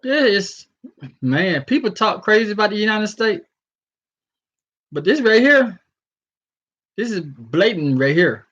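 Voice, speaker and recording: A man in a casual vlog, ranting loosely and stumbling over a word now and then, with a voice a little high for a man. The audio is dull and lo-fi. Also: takes it slowly, pauses often. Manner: animated, freestyling rant with stumbles over words. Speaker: vlogger. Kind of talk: casual commentary and article reading.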